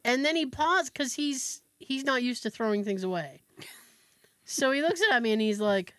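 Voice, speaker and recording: A podcast co-host with a fairly high, expressive, fairly bright voice chats casually at a normal speed, telling a long, rambling story that keeps trailing off and restarting. The recording is dry with clean studio sound.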